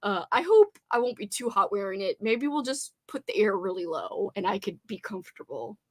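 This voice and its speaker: A woman's voice: medium pitch, sing-song, fairly quick. A young woman, chatting bubbly and casual on a livestream, reading viewer comments aloud and answering them. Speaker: livestream host reading chat.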